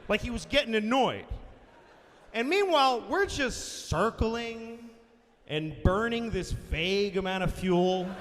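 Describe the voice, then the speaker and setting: A man performing stand-up comedy on a live stage, telling a profane, animated story that rises to shouts. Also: high voice, measured pace. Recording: roomy hall reverb, faint noise.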